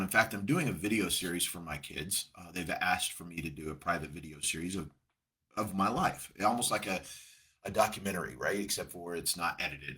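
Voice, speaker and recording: A middle-aged coach with a low, pushed, bright and slightly rough voice sits before a camera offering casual motivation. He talks earnestly and reflectively, restarting often.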